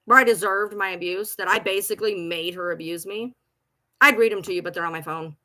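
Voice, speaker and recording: A woman's voice: mid-range voice, a little fast, sharp tone. Agitated woman ranting on a livestream. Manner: agitated, profane, repetitive. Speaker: TikTok creator. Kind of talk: livestream rant. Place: at home.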